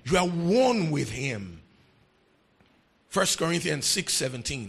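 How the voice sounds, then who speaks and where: A pastor preaches with a very gravelly, husky voice and a wide, animated pitch range. He repeats his points emphatically, swinging from quiet talk to shouting. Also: slow. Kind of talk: sermon.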